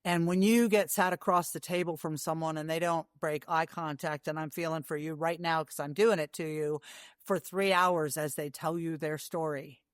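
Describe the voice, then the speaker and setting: Brief: a woman recounting her journey in an interview, chatty and animated, clean dry sound. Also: sits low, normal speed, smooth, no echo. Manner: animated storyteller with frequent asides. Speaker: guest, long-distance horse rider. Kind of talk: casual interview storytelling.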